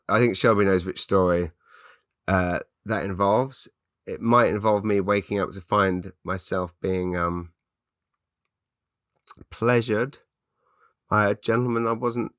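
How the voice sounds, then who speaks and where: A low-voiced man hosts a relaxed podcast Q&A, reading listener messages aloud and reacting as he goes. He talks in stop-start bursts and restarts his sentences often. The recording is close and dry, with no room echo. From England. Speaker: podcast host.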